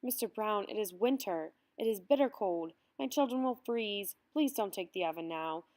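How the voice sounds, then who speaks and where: A woman's voice: mid-range voice, lively intonation, moderate pace, a little mellow, lightly acted. A woman reading aloud, voicing a desperate mother who pleads tearfully for her children in a storybook reading. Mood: pleading. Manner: pleading, tearful, rising to outcry.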